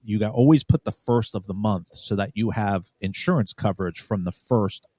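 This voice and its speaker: A man's voice: fairly low pitch, moderate pace, dark tone, no echo. A man from New York, a podcast co-host, telling a story bluntly and with profanity, acting out the dialogue. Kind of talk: casual storytelling.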